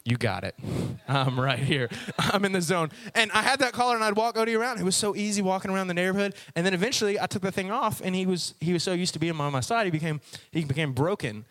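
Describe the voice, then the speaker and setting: Animated young man preaching to youth. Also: high voice, rapid-fire, hardly any pauses. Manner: animated storyteller, acts out voices, laughs often. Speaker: youth pastor. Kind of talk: casual youth sermon.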